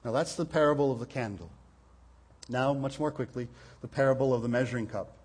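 A man's voice: medium pitch, a little fast, a little mellow, slightly rough. A man preaching a sermon, earnest and explaining scripture, often repeating words as he stresses a point.

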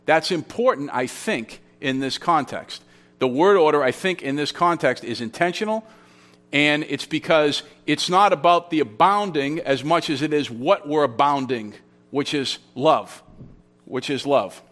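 A man's voice: on the high side, a little slow, a bit bright. A man preaching an expository sermon, explaining Greek grammar and telling a story in a conversational, teaching way, often repeating phrases. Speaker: pastor.

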